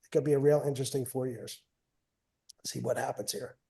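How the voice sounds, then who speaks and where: Chatty middle-aged man, mellow voice. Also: mid-range voice, fairly even intonation, brisk, vocal fry. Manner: rambling, repeats phrases, chatty and self-mocking. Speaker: wrestling coach, guest. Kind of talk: casual storytelling interview.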